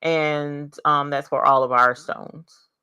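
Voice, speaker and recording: Bright, chatty woman livestreaming. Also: low voice, takes it slowly, a little hiss or hum. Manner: chatty, rambling, greets and reads out viewer comments; animated, with bursts of laughter and cheering. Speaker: livestream host and crafter. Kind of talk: casual livestream chat. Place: home craft studio.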